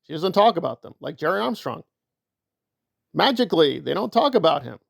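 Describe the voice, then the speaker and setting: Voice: mid-range voice, sing-song, a little fast, gravelly, no room sound, studio quality. A commentator giving opinion commentary in a sarcastic, argumentative way.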